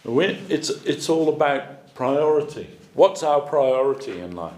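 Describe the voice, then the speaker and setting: A man's voice: medium pitch, animated, measured pace, dark tone. Roomy-sounding male spiritual teacher. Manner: conversational, many fillers. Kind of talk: storytelling sermon. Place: temple hall.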